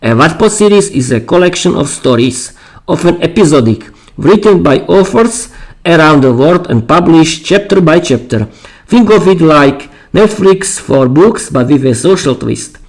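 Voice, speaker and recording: Hoarse man hosting a live stream. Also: fairly high pitch, animated, rough recording. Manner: halting, repeats words and restarts. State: losing his voice, clearing his throat. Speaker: podcast host. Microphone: streaming mic.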